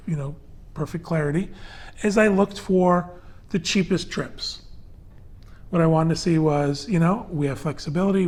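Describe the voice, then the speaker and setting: Chatty higher-voiced male host. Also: a little mellow. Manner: chatty, loose and conversational with many fillers; walks through prices and details step by step. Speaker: podcast host. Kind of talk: casual panel chat.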